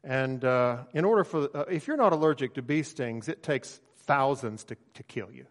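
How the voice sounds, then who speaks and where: A man's voice: mid-range voice, normal speed. Man preaching in a reverberant hall. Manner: relaxed storytelling with frequent fillers. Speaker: pastor. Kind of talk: sermon.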